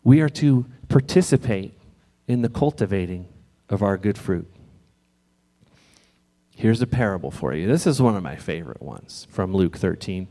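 Low-ish guy preaching a chatty reassuring sermon in church. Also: animated, moderate pace. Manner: conversational and gently reassuring, reads scripture aloud. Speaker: pastor.

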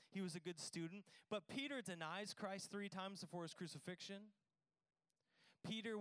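A man's voice: high-pitched, fairly bright tone, clear, resonant tone, no echo. A man preaching a sermon in a conversational, joking way, acting out the dialogue of the scripture. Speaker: pastor.

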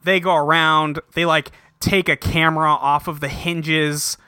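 A man's voice: on the high side, level tone, measured pace, bright, forceful tone, clean tone, no echo, clean studio sound. A man co-hosting a podcast, recapping a TV episode in casual chat and rambling with lots of fillers. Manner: rambling, heavy "like" and "um", acts out characters in quotes. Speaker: podcast co-host.

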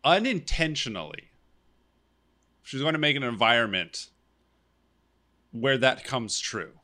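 Man, casual chat, opinionated, bright forceful tone, medium pitch. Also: lively intonation, measured pace. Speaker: podcast co-host.

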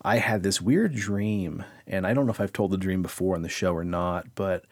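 A man co-hosting a podcast, telling a long personal story in casual chat, rambling and animated, full of "like" fillers. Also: low voice, moderate pace, no echo, clean studio sound. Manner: rambling, animated, heavy use of "like". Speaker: podcast co-host.

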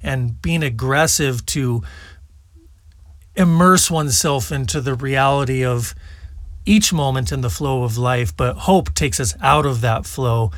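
A man's voice: medium pitch, a little slow, fairly bright tone, no echo. A man hosting a political commentary show, talking casually and scornfully between played clips. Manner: scornful, mocking.

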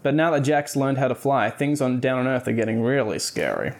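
A man's voice: mid-range voice, expressive, a little fast. A man hosting a podcast, casually retelling a book's plot with wry asides. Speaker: podcast host. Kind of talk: casual book review podcast.

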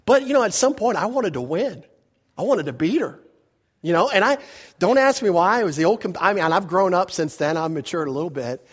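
A man preaching a verse-by-verse sermon as pastor, talking conversationally with rhetorical questions and quick self-corrections. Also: high voice, husky. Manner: grows animated when telling a personal story.

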